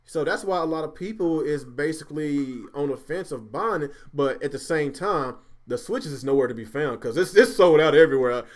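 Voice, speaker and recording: A man hosting a casual gaming livestream, animated and quick to swear when riled up. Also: on the high side. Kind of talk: casual chat.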